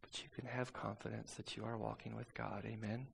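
A man preaching a sermon and telling a personal story, swinging between soft, intimate passages and loud, urgent ones. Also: lowish voice, flat delivery, a little fast, vocal fry, slight background noise.

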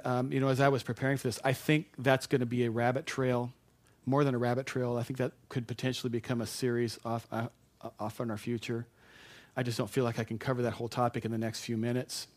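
A middle-aged man preaching a sermon in a conversational way, correcting himself and then suddenly getting loud to stress a point. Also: medium pitch. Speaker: pastor.

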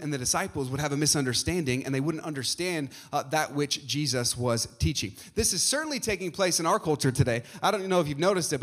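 A man preaching a sermon to his congregation, often filling pauses with uh and repeating phrases, and calling out questions for the crowd to answer. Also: on the high side. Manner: asks the congregation for responses. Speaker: pastor.

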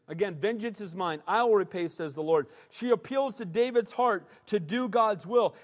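High-voiced preacher in an echoing hall. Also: male voice. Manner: conversational preaching, calls out "amen?". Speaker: pastor. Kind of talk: sermon. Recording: long hall reverb.

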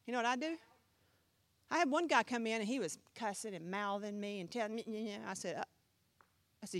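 A woman pastor preaching a sermon, emphatic, firing rhetorical questions and swinging from loud to hushed. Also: mid-range voice, animated, fairly quick, no echo.

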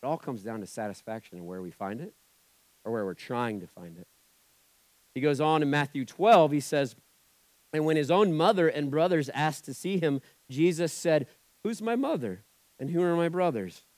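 A man's voice: fairly high pitch, lively intonation, moderate pace, a little mellow, no room sound. Conversational male pastor preaching a sermon. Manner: conversational preaching, acts out quoted voices.

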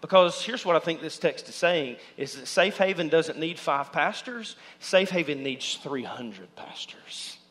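A man preaching a sermon as pastor, speaking in turn for imagined listeners and his own thoughts, and building to loud, shouted exhortation. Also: a little high, lively intonation, measured pace, few pauses.

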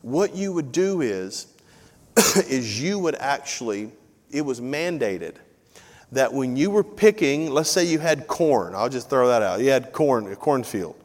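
A man's voice: mid-range voice, expressive, a little slow. A man preaching a sermon as pastor, chatty and joking, repeating key phrases for emphasis. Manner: conversational preaching with self-deprecating asides and repeated phrases. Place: church sanctuary. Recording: live church audio with long hall reverb.

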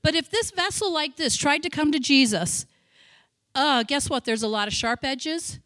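A woman missionary giving a sermon, telling stories with feeling, breaking into shouted praise and chatty asides. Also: high voice, moderate pace, no echo, studio quality. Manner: emotional storytelling, bursts into loud shouted praise; chatty, self-interrupting asides. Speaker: missionary speaker.

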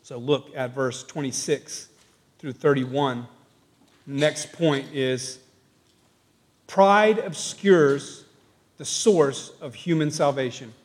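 Fervent preacher man, echoing church hall. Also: fairly high pitch. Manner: builds from quiet reflection to raised emphatic declarations. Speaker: pastor. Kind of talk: sermon. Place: church sanctuary. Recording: long reverb of a church hall.

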